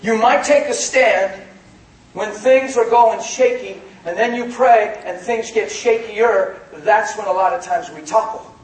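A man preaches in a folksy, laughing manner that builds into shouts. His voice sits very high for a man. It rings through a hall, picked up from a distance. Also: unhurried. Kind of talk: sermon. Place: church hall. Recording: echoey hall from far off.

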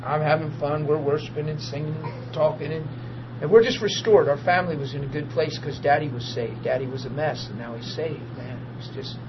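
A man, preaching and telling a personal testimony, swinging from hushed talk to loud tearful laughter. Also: fairly high pitch, fairly quick, few pauses. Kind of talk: testimony storytelling. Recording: dull lo-fi audio with noise.

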